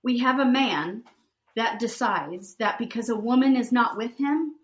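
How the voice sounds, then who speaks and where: A woman co-hosting a podcast, chatting about reality TV in a blunt, expressive way and swearing when riled. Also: on the high side, unhurried. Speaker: podcast co-host. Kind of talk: casual chat recapping reality TV. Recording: roomy echo.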